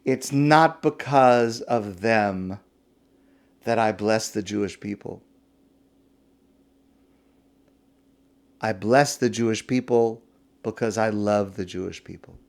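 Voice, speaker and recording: A man voicing God, calm and firm. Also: mid-range voice, natural voice. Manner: quiet, firm, measured.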